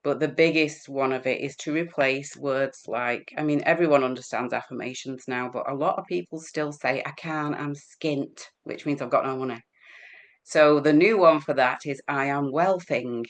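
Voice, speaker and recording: A woman's voice: rumbling low, moderate pace. Chatty English woman, rambling. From England. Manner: chatty, rambling, laughs often. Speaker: guest healer. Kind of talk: casual chat.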